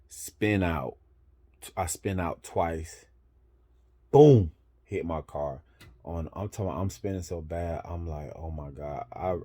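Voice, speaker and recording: A man with a very low voice tells a casual road story as a truck driver. His tone is dark and mellow. He rambles, corrects himself, and keeps punctuating with "boom.".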